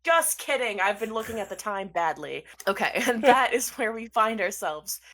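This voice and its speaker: A woman's voice: fairly high pitch, lively intonation, moderate pace, crowd noise. A woman game master narrating a tabletop game in a casual way, with laughing asides and the odd swear.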